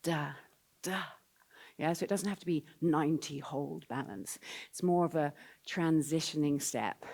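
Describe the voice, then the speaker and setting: Low-voiced woman coaching ballet. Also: animated, normal speed, darkish tone. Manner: sings the counts, coaxing and encouraging. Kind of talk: live rehearsal coaching. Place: ballet rehearsal studio. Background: faint piano.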